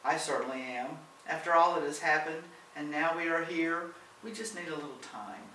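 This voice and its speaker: A man's voice: a little high, normal speed, close to an everyday voice. A man voicing an anxious middle-aged mother on a trip abroad, earnest and emotional, recorded far off in a roomy space with faint hiss. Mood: wistful.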